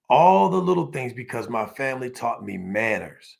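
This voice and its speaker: Very animated and speaking at a normal pace, this man delivers a motivational business talk in a mid-pitched voice roughened by gravel and creak. His storytelling leans on repetition and list-like rhythm, and he trades emphatic call-and-response with his listeners.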